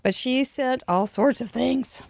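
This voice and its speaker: A woman hosting a crafting show, chatting warmly about mail and cards with frequent little laughs. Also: sits high, measured pace, vocal fry. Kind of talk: casual chat over a card slideshow. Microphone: desk microphone.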